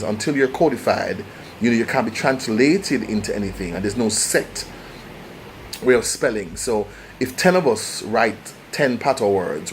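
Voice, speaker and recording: A man's voice: medium pitch, a little hiss or hum. A Jamaican man speaking in a casual, passionate monologue, emphatic and restarting his phrases often. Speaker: host.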